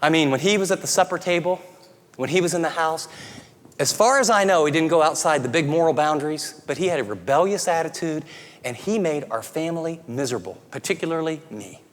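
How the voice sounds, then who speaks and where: A middle-aged man preaching a sermon, earnest and conversational, often dropping to soft, tender tones. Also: a little high, a little fast. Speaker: pastor. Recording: long reverb of a large hall.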